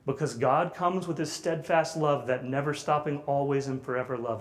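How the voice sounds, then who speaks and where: A man preaching a sermon in a conversational way, building loud and high on repeated phrases and dropping soft on quiet lines. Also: moderate pace, few pauses, slight background noise. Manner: conversational with fillers. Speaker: guest preacher.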